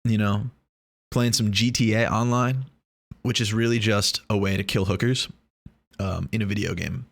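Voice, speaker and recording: Man, vlogger, low-pitched, rambling, jokey, swears freely, casual chat to camera. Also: fairly even intonation, normal speed, gravelly. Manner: rambling, joking, profane, many restarts.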